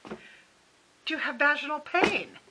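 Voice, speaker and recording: A woman voicing a young clinic receptionist who asks questions in a halting, slow way, full of fillers. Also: high-pitched, lively intonation, noisy background, pitched above the performer's own voice.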